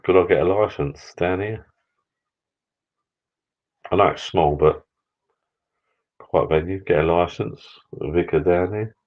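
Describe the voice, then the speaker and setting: Older man, very deep voice, chatty live-stream host, slightly dull lo-fi sound. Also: unhurried, long pauses. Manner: rambling, chatty, sentimental. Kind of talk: casual chat. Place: backyard garden bar shed.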